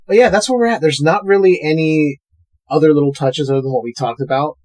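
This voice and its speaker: Animated man recapping a movie. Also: on the high side, fast talker. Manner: retells scenes with animated quoted voices. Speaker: podcast co-host. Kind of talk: casual movie recap chat.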